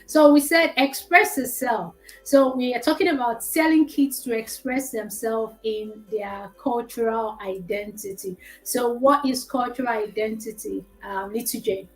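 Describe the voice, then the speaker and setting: A woman's voice: fairly high pitch, fairly even intonation, measured pace, faint music behind, rough recording. A woman with a Nigerian accent hosting a casual educational discussion, explaining things in a chatty, joking way. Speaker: host.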